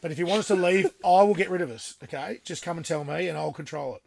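A rowdy man telling stories on a casual podcast, his voice pitched high with a gravelly, fry-laden edge. He swears freely and breaks into laughter between the punchlines. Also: fast, darkish tone. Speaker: podcast guest. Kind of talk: casual storytelling.

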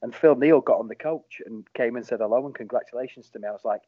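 Rambling ex-footballer telling stories on a dull line. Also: male voice, mid-range voice, quick pace, hardly any pauses, husky, no echo. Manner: animated, rambling, lots of ums. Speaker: former football captain, guest. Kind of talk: casual storytelling interview.

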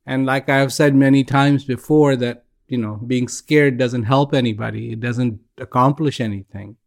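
A man giving a reflective spiritual talk on a regular broadcast, speaking gently in short halting phrases with pauses. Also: mid-range voice, fairly even intonation, gravelly.

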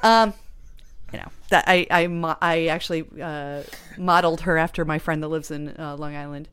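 A woman chatting as a guest about the stage show she created, rambling and animated. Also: sits low, normal speed, clean tone. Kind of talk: casual interview chat.

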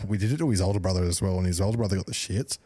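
A man's voice: low-pitched, very fast, dark tone, slightly rough. A young man co-hosting a podcast, telling a laughing, swearing anecdote in casual chat. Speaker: podcast co-host.

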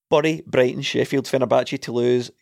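A man's voice: medium pitch, animated, fairly quick, dry recording, studio quality. A man, a podcast co-host, talking football in a heated, opinionated way. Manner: passionate, ranting opinions. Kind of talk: casual football chat.

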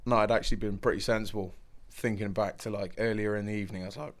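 A young man from England tells a story as a podcast guest, relaxed and rambling, with plenty of fillers and laughs. His voice sits fairly low. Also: quick pace. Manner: laid-back, laughs often, many fillers. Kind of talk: casual storytelling.

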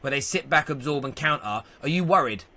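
Brief: male football show host, quick, bright and tense voice. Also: fairly high pitch. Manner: fast, excitable talker. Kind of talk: live football fan show chat.

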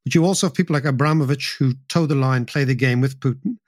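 A man's voice: mid-range voice, fast, no room sound. Probing male interviewer, dry close sound. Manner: probing questions, rephrases while asking. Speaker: podcast host.

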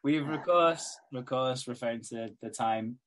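A man's voice: mid-range voice, measured pace, a bit bright. Laughing man, casual podcast chat. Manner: laughs often, recapping a TV show. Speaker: podcast co-host.

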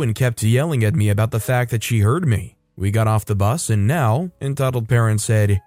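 A man reads online stories aloud at an ordinary pitch, chatting between them with dry little asides. Soft music sits low beneath his voice. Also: animated, moderate pace, hardly any pauses, no echo. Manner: conversational, wry asides between readings. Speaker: host and narrator.

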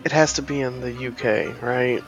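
A man's voice: medium pitch, steady tone, normal speed, lo-fi sound, soft background music. A man playing a tabletop game, chatting casually with lots of fillers and easy swearing. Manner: laid-back, swears casually, many fillers. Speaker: player.

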